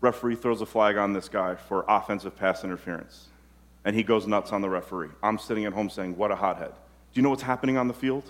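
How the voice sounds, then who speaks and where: A man's voice: lowish voice, fast. A man preaching a sermon, building to urgent, impassioned emphasis.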